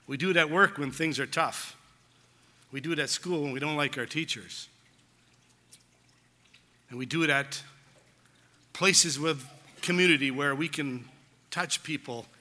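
A man's voice: on the high side, pushed and bright. A man preaching a sermon as pastor, earnest and telling a story with quoted voices. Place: church hall. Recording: long church hall reverb.

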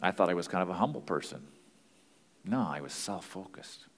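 Low gravelly-voiced man teaching. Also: animated, normal speed, big-room sound. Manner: earnest, plain-spoken, with fillers and restarts. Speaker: pastor and marriage counselor. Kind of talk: conversational Bible teaching.

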